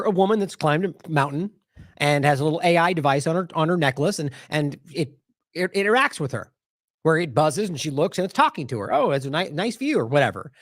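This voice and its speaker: A man's voice: a little high, dry recording, studio quality. A man hosting an independent news show, commenting indignantly on clips with sarcastic asides.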